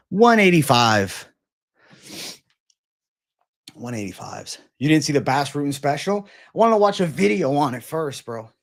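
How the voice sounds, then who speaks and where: A man's voice: medium pitch, dry recording. A man hosting an MMA livestream in casual, profane, hyped chat full of slang.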